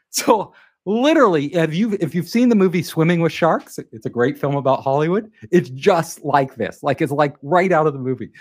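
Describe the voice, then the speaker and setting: A man telling an anecdote in a casual interview, animated and acting out the quoted dialogue. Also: fairly high pitch, breathy edge. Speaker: guest telling a career story.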